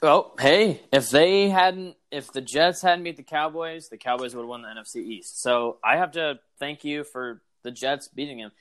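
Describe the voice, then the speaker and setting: A man's voice: a little high, moderate pace, hardly any pauses, fairly bright tone. Rambling laid-back man on a podcast. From Arkansas. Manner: rambling storyteller, acts out quotes, swears. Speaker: podcast co-host. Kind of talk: casual chat.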